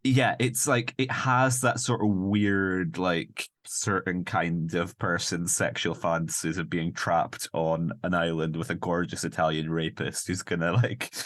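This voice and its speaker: A man co-hosting a casual film-review podcast, sardonic and quick to slip into mocking impressions. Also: low voice, flat delivery, a bit bright. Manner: sardonic, breaks into silly impressions. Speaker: podcast co-host.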